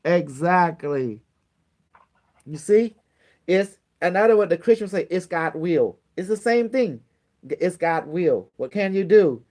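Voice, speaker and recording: Blunt, slightly high-voiced man teaching. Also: lively intonation, a little slow, a little mellow. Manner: blunt, swears casually, repeats himself; acts out prayers in a pleading voice. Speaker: spiritual teacher. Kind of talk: casual spoken teaching to a small group.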